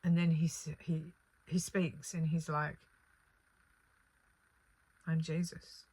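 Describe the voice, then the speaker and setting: A woman who works as a spiritual channeller, telling a personal spiritual story in an earnest, animated way with many fillers. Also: sits low, measured pace, husky.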